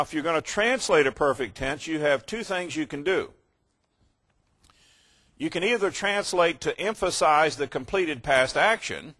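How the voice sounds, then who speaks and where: A man's voice: a little high, a bit bright. An older man preaching a teaching sermon, patiently explaining verb tenses and checking that listeners follow. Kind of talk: sermon teaching on Greek grammar.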